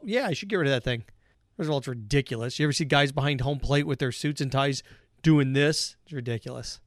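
On his podcast, the host rants sarcastically and repetitively, voicing his opinions directly to the audience. He sounds high and slightly bright, captured with clean studio sound and no room echo.

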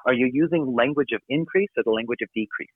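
A man giving an energetic, emphatic motivational talk from his office as a podcast guest. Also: medium pitch, breathy edge, no echo. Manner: energetic, emphatic, rapid coaching delivery. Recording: dry, phone-like narrow sound.

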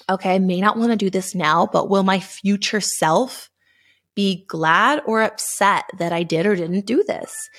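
A young pregnant woman hosting a podcast, telling a personal story in an earnest, emotional and animated way. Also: lowish voice. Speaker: podcast host.

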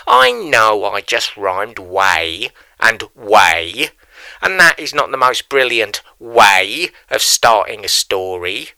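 A man's voice: mid-range voice, creaky, sharp tone, no room sound, full character voice. A man voicing a pompous male poet who interrupts a storybook to lecture the listener condescendingly. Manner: self-important, condescending asides to listener. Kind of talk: comic storybook narration.

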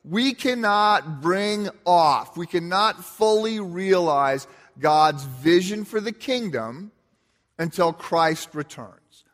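Man, pastor, sermon, conversational storytelling, wry humor, somewhat high voice, long hall reverb. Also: animated, slow pace, a bit bright. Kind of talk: sermon opening with a personal story.

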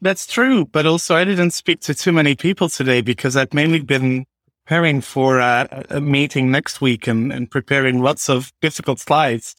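A man co-hosting a podcast, explaining things in a measured way. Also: medium pitch, a bit bright, no room sound, studio quality. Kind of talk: casual podcast chat.

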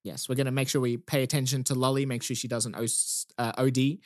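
A man's voice: medium pitch, level tone, fast, no echo, clean studio sound. A man hosting a podcast, casually and easily walking through the week's news. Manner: easygoing, walks through news stories. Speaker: podcast host.

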